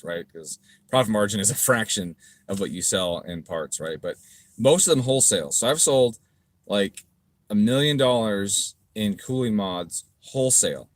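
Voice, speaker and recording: A middle-aged man who owns a car parts business answers viewers' questions in a casual livestream, reading from live chat. He is profane and ranting, mocking critics in shrill voices.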